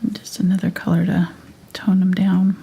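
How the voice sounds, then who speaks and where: Soft, gravelly-voiced woman teaching painting. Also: fairly low pitch, level tone, moderate pace. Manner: soft, half-whispered step-by-step instructions; casual, chatty asides. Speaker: painting instructor. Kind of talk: live painting tutorial.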